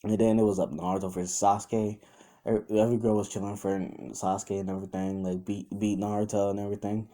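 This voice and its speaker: Rambling young man with a mellow, low voice. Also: little pitch movement, fast. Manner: rambling, with many fillers and restarts; quotes characters in his own voice. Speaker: storyteller. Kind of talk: casual improvised fan-story retelling.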